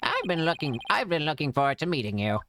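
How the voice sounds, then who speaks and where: A man voicing a smug, pompous male prosecutor in a game, speaking slowly and drawing out his words, with game music behind. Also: on the high side, very animated, background noise, voice pushed up. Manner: slow, drawn-out, self-important. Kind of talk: video game voice acting.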